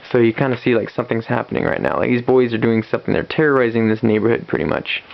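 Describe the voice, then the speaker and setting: A man's voice: medium pitch, animated, quick pace, creaky, few pauses. A man casually reviewing a comic book, retelling the story with lots of fillers and restarts. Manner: rambling, many fillers and restarts. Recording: dull lo-fi recording.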